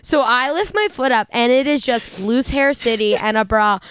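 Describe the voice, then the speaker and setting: A young woman co-hosts a podcast in casual chat, spinning animated, laughing stories with plenty of swearing. Her voice sits high and comes across smooth and clear. The sound is dry and close. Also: moderate pace, dry recording. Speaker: podcast co-host.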